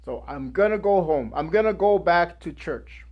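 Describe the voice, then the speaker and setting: A young man giving a guest speech, telling a personal story in an animated way and acting out the people in it. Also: a little high, normal speed, muffled recording. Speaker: guest speaker.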